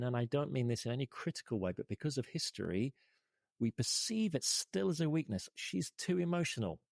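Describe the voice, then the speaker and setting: A man's voice: medium pitch, no echo, studio quality. A man speaking as a podcast interview guest, emphatic and full of rhetorical questions.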